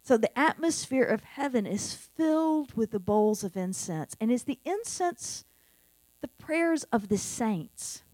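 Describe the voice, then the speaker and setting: A woman's voice: on the high side, animated, measured pace, a little mellow, dry recording. A middle-aged woman pastor preaching a sermon in an earnest, conversational way, repeating key phrases. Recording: dry with faint mains hum.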